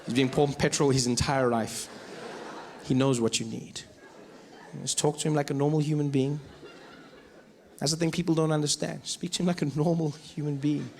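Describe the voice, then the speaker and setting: Man, South African accent, stand-up comedian, animated storytelling, high voice, faint hum behind. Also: normal speed, long pauses. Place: live comedy venue.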